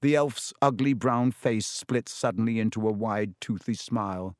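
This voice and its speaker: A man narrating a children's fantasy audiobook with an expressive storytelling manner. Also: medium pitch, moderate pace, hardly any pauses, no room sound, studio quality. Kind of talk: scripted narration.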